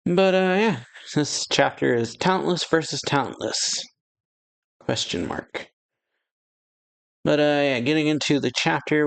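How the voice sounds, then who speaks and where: A man casually reading a manga chapter aloud and retelling its dialogue, with lots of "yeah" and "uh" and quick exclamations. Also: medium pitch. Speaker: anime reaction channel host. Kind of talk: casual manga read-along with reactions.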